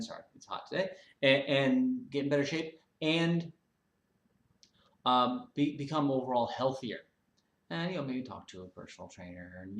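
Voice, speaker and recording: A man vlogger telling a story in a casual, rambling way, with many fillers and restarts. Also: medium pitch. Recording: roomy echo.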